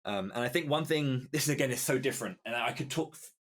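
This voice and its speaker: A man's voice: mid-range voice, fast talker, fairly bright tone. A British man as a podcast guest, explaining his ideas in a casual chat and often restarting phrases as he thinks aloud. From Britain. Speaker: guest commentator.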